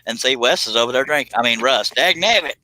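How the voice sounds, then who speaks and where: A man's voice: medium pitch, lively intonation, fast, sharp tone, dry recording, poor audio. A man hosting a casual live stream chat, joking and rambling. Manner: joking, rambling, puts on silly voices.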